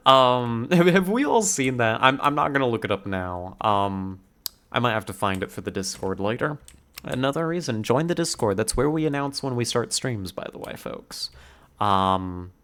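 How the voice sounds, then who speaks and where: Excitable rambling male streamer. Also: medium pitch. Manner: rambling, excited, swears casually. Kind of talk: casual live-stream chat.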